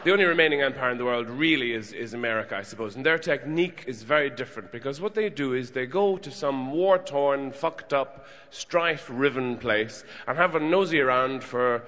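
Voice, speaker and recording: A man's voice: mid-range voice, animated, fairly quick, few pauses, fairly bright tone. A man doing wry stand-up comedy, telling a story as a rant. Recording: long hall reverb.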